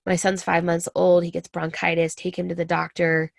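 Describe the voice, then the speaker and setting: A woman's voice: lowish voice, flat delivery, moderate pace, gravelly, no room sound, studio quality. A woman in her thirties, a military spouse, talking earnestly and confidingly about her own experience to listeners she calls friends. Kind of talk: personal talk to camera.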